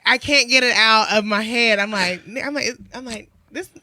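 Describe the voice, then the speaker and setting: A woman bartender chatting casually on a podcast, an animated, profane storyteller who restarts her sentences often. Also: on the high side, moderate pace, very noisy.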